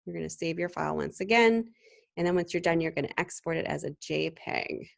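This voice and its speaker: Gravelly-voiced woman teaching a software tutorial. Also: lowish voice, fairly quick. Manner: relaxed, conversational, with frequent ums and restarts. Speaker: design instructor. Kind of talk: screen-recorded software tutorial.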